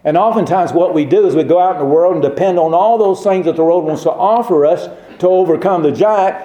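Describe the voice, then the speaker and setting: A male preacher delivering a sermon in a warm, mellow voice, emphatic and throwing rhetorical questions to his listeners. The sound is roomy and echoey. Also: high-pitched, a little fast. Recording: roomy echo.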